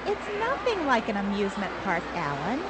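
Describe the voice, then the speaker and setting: A woman's voice: mid-range voice, wildly swooping pitch, normal speed. A young woman with an American accent acting a firm, lecturing newlywed wife in a scripted learner dialogue. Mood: bossy. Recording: background noise.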